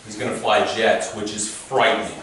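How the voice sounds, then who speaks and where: His voice is fairly low, steady and a bit bright, moving at a moderate pace. Working as a teen court coordinator, he gives a chatty storytelling talk to teens and parents, laughing through anecdotes in an echoey room recorded from afar with a little noise.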